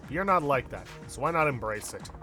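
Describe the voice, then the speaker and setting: A man reading the lines of a calm, stoic older male ex-yakuza, reassuring and dry. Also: medium pitch, a little fast, soft background music.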